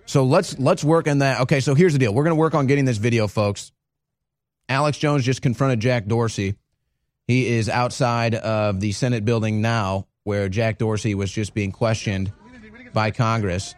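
An emphatic male host delivering live commentary in a ranting, insistent way. His voice sits at a middle pitch. The sound is dry and close, with no room echo. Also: fairly even intonation, normal speed.

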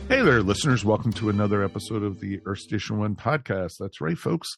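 A man's voice: on the low side, expressive, fast, gravelly, over music. A man hosting a podcast, chatting in an upbeat way with lots of fillers. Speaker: podcast host. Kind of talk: casual chat.

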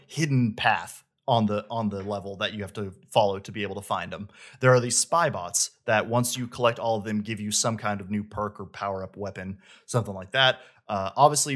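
A man's voice: on the low side, a bit bright. A man hosting a casual chat, rambling enthusiastically about a video game. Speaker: host, game reviewer.

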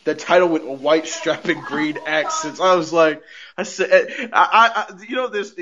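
A man co-hosting a podcast, recapping wrestling shows in an animated, casual way, swearing and laughing as he goes. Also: fairly high pitch, normal speed, muffled recording. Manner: animated storyteller, swears and laughs mid-sentence. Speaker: podcast co-host.

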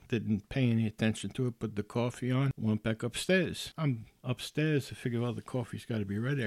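A man's voice: medium pitch, darkish tone, no echo. A man telling a personal ghost story in a casual way, stumbling into restarts and acting out what others said. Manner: casual, with repeated restarts and acted-out quotes.

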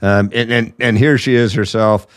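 A man's voice: on the low side, fairly even intonation, moderate pace, dry recording, clean studio sound. Indignant, blunt male podcast host. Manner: blunt, indignant, sarcastic ranting. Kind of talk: political commentary monologue.

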